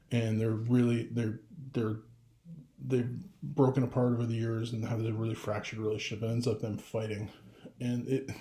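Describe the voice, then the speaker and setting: A man's voice: mid-range voice, dark tone, roomy sound. A middle-aged father talking casually to camera, rambling with restarts and getting emotional. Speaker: vlogger.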